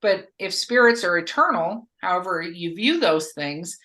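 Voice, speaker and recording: A woman's voice: fairly low pitch, animated, a little slow, fairly bright tone. A woman hosting a podcast, musing aloud and tagging her thoughts with "right?". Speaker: podcast host. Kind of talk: casual interview chat.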